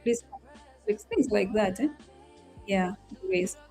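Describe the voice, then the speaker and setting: A woman's voice: medium pitch, very animated, a little slow, a little mellow. A young woman hosting a live trading stream, chatting casually to viewers, emotional and apologetic as she talks to herself. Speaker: trading livestream host. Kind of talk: casual livestream chat to viewers. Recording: faint music behind.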